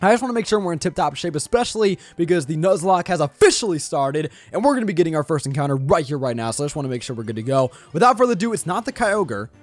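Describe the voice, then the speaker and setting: Lively, joking man doing game commentary. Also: on the high side, quick pace, few pauses, no echo. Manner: excitable and joking, laughs often. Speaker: gaming channel host. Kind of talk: casual gameplay commentary.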